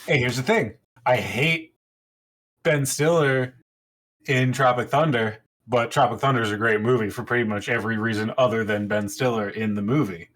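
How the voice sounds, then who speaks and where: A man's voice: mid-range voice, moderate pace, fairly bright tone. A man co-hosting a podcast, chatting casually and giving strong opinions about movies. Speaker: podcast co-host. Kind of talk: casual chat.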